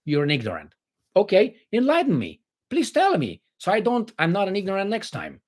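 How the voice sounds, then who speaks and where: A man's voice: high-pitched, wildly swooping pitch, a little fast, darkish tone. A man from Romania with a Romanian accent, hosting a livestream and reacting to viewer chat in a blunt, sarcastic way with some swearing. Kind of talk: casual livestream commentary.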